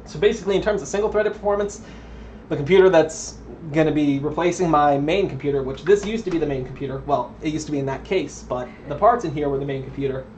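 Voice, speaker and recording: A young man with a fairly high, slightly mellow voice talks fast while streaming a computer build from home. He rambles casually, says "um" a lot, and keeps drifting away from the mic. The stream audio is dull and lo-fi, with faint background noise.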